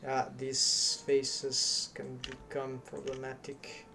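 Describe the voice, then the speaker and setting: Slow, hesitant man thinking aloud. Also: mid-range voice, monotone, vocal fry, bright, forceful tone, slight background noise. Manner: hesitant, muttering half-finished thoughts. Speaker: 3D artist streaming his work. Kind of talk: thinking aloud while modeling.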